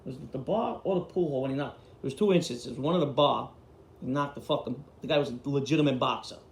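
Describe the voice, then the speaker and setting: A storyteller host from Queens, New York, tells blunt, profane street stories casually, speaking quickly in a medium-pitched voice. The recording has a roomy echo.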